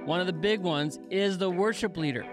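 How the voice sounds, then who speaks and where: Man, podcast host, upbeat, joking, fairly high voice, close mic. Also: normal speed, over music. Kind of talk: casual podcast interview. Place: sitting on couches indoors. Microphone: microphone held close on mini tripod.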